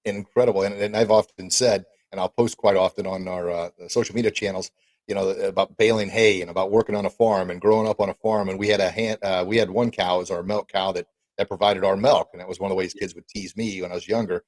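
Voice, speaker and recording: An energetic man hosts a podcast interview, encouraging and quick to repeat himself. His voice sits a little low. The sound is dry and close. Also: no room sound. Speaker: podcast host.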